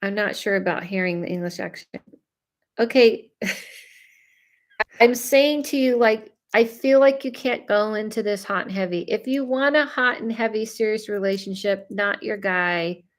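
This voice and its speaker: A woman, giving a relaxed live psychic reading. She talks in a loose, chatty way, full of "like" and "you know", and addresses the people she reads for directly. Her voice sits in an ordinary middle range for a woman. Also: medium pitch, measured pace. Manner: chatty, many fillers, talks straight to viewers. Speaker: psychic medium. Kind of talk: live reading, casual chat.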